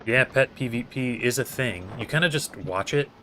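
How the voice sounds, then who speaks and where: A man's voice: medium pitch, lively intonation, moderate pace, pushed and bright, slight background noise. A man giving casual gameplay commentary as host, thinking aloud in a hesitant way with many fillers. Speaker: gaming video host.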